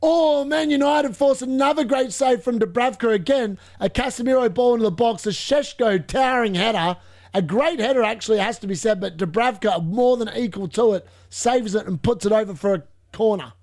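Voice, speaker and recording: A young man commentating live on football matches for a fantasy football stream, chatting along and bursting into shouts at near misses. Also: very high voice, brisk. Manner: chatty, muttering asides between reactions.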